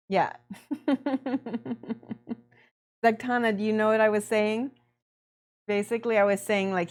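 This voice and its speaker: Chatty woman hosting a painting stream. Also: medium pitch. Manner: chatty, laughs often, greets viewers by name. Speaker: miniature painting livestream host. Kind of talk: casual livestream chat with viewers.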